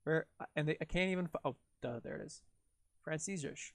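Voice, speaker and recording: Young guy on a live stream, kinda high voice, rambly and laughing at himself, dry close sound. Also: fairly quick, a bit bright, no room sound. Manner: rambling, giggly and self-deprecating. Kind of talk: casual live-stream chat while editing.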